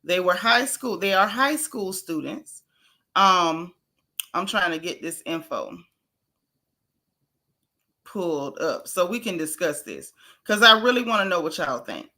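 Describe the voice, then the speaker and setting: Woman, gossip-stream host, bright and punchy voice, chatty and emphatic, reads chat comments aloud. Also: fairly low pitch, very animated, a little slow, long pauses. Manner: emphatic, repeats phrases. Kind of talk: casual livestream commentary.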